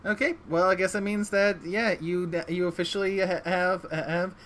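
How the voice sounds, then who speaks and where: A man acting as game master in a casual online role-play session, talking in a halting way with many restarts. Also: sits high, steady tone, a bit bright, slight background noise. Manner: halting, full of restarts and ums. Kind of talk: casual chat over voice call.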